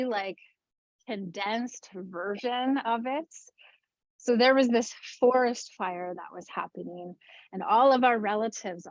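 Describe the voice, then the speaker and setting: A woman leading a wellness webinar on a video call, speaking gently and reflectively with slow stresses. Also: mid-range voice, dry recording, highs cut off. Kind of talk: webinar talk with storytelling.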